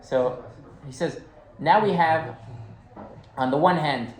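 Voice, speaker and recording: A man's voice: fairly high pitch, slow pace. A rabbi teaching a class, telling a story and checking in with his listeners with a casual "right?". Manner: conversational, keeps checking in with "right?". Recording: roomy echo, faint background hum.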